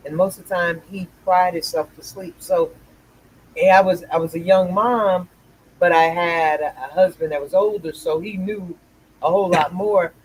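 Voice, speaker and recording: A woman's voice: on the low side, lively intonation, normal speed, husky, low-quality recording. An older woman hosting a casual chat, telling rambling stories with many restarts. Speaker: host.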